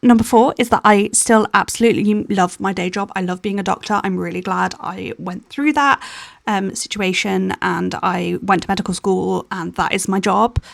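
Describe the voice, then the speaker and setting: Candid young woman's gravelly voiceover. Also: medium pitch, steady tone, normal speed, dry recording, studio quality. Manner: candid, rambling with restarts and little laughs. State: tired, yawning. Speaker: planner vlogger. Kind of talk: personal voiceover chat.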